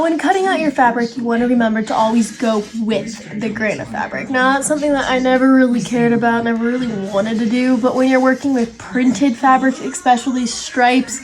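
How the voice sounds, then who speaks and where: A young woman talking to camera in an upbeat, breezy way as she explains her sewing steps. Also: fairly high pitch. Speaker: costume sewing vlogger. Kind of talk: on-camera tutorial talk.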